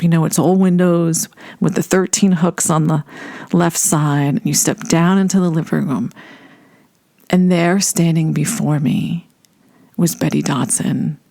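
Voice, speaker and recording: Woman, storyteller, low gravelly voice, dry close sound, animated, laughs often. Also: dry recording. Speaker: storyteller recalling a first meeting. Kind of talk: personal storytelling monologue.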